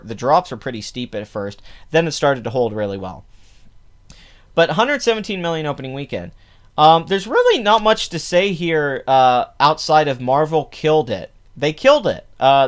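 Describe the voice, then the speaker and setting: A man's voice: mid-range voice, clean tone. A man hosting a casual box office commentary, opinionated and rambling, with many fillers and restarts. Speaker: podcast host.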